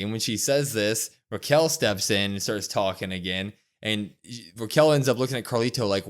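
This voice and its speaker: A man's voice: lowish voice, normal speed, few pauses. A man co-hosting a wrestling podcast, animatedly retelling a show's events and acting out what people said. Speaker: podcast co-host. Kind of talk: casual wrestling show recap.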